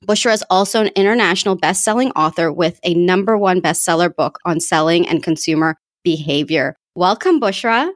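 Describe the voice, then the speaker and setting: A woman's voice: fairly low pitch, fairly quick, few pauses, dry recording, clean studio sound. An American woman hosting a podcast, introducing and chatting with her guest in a gushing, enthusiastic way. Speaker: podcast host. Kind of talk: podcast interview.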